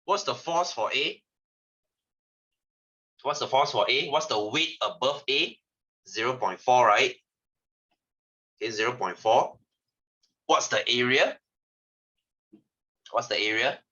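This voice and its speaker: A man with a Malaysian English accent teaching a science class, teasing and lively, dropping lah and ah between questions. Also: medium pitch, takes it slowly, pauses often, dull audio. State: tired, yawning. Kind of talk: online class lesson.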